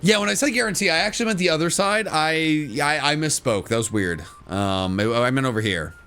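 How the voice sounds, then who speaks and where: A man's voice: fairly high pitch, fairly quick, sharp tone. A man streaming live to his chat, giving casual game commentary and repeating phrases as he goes. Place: home room.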